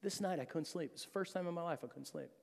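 A man's voice: fairly high pitch, quick pace, vocal fry, darkish tone. A middle-aged man giving an earnest, emotional personal testimony to a church congregation. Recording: long hall reverb.

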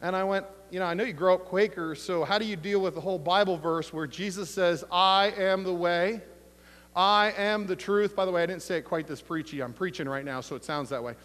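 A male pastor preaching a sermon, emphatic, with slow dramatic pauses and retold conversations. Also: a little high. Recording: long hall reverb.

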